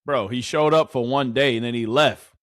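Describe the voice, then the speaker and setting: A man's voice: medium pitch, moderate pace, fairly bright tone, dry recording, clean studio sound. A man giving casual sports reaction commentary, heated and mocking, with plenty of profanity.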